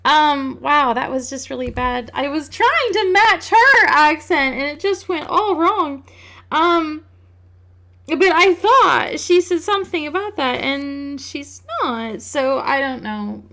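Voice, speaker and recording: A woman's voice: high voice, expressive, slow, bright, forceful tone. A woman hosting a let's play, giving casual, musing gameplay commentary and laughing often.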